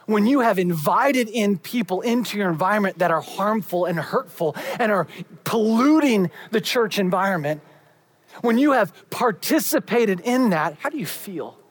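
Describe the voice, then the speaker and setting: Husky preacher giving a sermon, builds up loud then goes real quiet at the ends. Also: medium pitch, lively intonation, moderate pace. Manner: swings from emphatic build-ups to hushed, quiet phrase endings.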